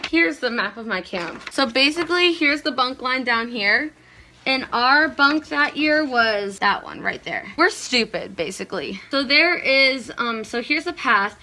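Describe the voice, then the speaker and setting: A woman's voice: high-pitched, expressive, measured pace, pushed and bright, slight background noise. A teenage girl telling a camp story on her vlog in a rambling, giggly way, full of "like" and asides. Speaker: vlogger. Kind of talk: casual storytime.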